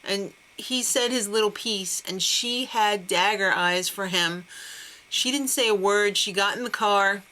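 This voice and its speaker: A woman's voice: mid-range voice, unhurried, pushed and bright. A woman hosting a casual TV recap, sarcastic and laughing often. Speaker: TV recap host.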